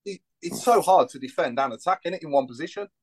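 A man's voice: a little high, lively intonation, breathy edge. A man talking football on a casual podcast, rambling with plenty of fillers. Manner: fast, rambling, lots of fillers. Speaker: podcast panelist.

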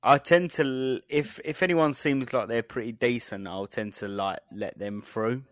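A man's voice: medium pitch, normal speed, no echo. Male podcast co-host, laid-back banter, laughs a lot, dry close sound; casual chat. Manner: jokey, laughs often, drawling asides. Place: home recording space.

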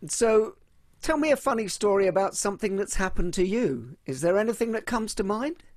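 A man's voice: high voice, expressive, normal speed, no room sound. Man asking probing questions, dry sound. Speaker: podcast host. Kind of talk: interview questions.

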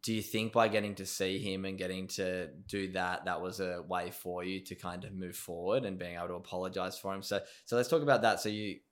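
Deep-voiced male podcast host. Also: steady tone, brisk, few pauses. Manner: hesitant, searching phrasing. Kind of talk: casual interview chat.

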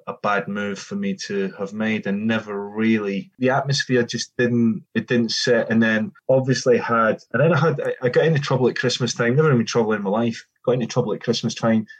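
Poor audio captures a fairly low-pitched man, a middle-aged ex-footballer. He spins a casual anecdote, voicing the quoted lines himself and frequently starting over.

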